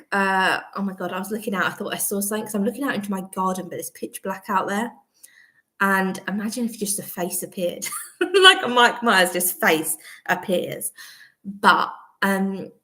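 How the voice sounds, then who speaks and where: A woman hosting a casual live chat from home, rambling between topics and laughing often. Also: mid-range voice. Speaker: vlogger host. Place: at home, indoors.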